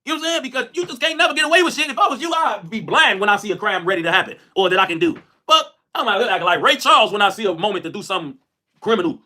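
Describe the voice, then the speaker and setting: This streamer from Chicago delivers casual livestream storytelling at a rapid, high-energy clip. Loud and excitable, he trash-talks freely in heavy slang as host.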